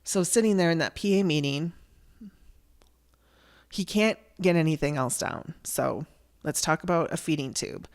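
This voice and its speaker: A woman's voice: sits low, animated, normal speed, long pauses. A woman telling a personal story on her podcast, in a candid and conversational way. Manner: candid, conversational, with restarts and blunt language.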